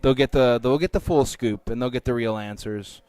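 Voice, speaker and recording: A man, a professional wrestler, answering interview questions in a candid, relaxed and conversational way. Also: medium pitch, fairly quick, clean tone.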